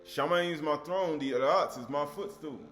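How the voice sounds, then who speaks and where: A man's voice: on the high side, normal speed, fairly bright tone, soft background music. Man teaching scripture with emphatic repetition. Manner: emphatic, repeats key words, asks rhetorical questions.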